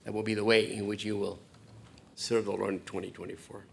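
A middle-aged man preaching a sermon in a church, conversational and warm to the congregation, often repeating words and dropping in short Spanish phrases. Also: lowish voice, flat delivery, a little fast, creaky, a little hiss or hum. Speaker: pastor.

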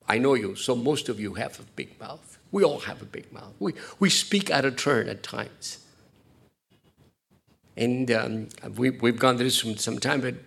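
Middle-aged guy preaching in church, gravelly and a bit husky, repeats himself, chatty. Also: mid-range voice, a bit bright. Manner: conversational, repeats words, code-switches to Spanish phrases. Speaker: pastor. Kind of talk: sermon.

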